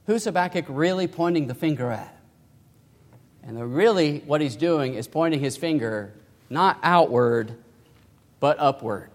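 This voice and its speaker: A high-voiced male pastor delivers an emphatic sermon full of rhetorical questions. The recording echoes with long hall reverb.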